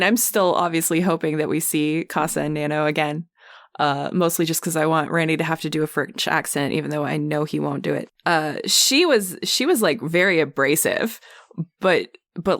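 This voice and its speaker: A chatty woman co-hosting a tabletop roleplaying podcast, laughing often and swinging up into higher tones when she tells a story. Her usual voice sits on the lower side for a woman. The mic is close, in a dry room. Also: dry recording. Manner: giggly, chatty, animated. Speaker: podcast co-host, player. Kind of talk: casual chat about tabletop roleplaying.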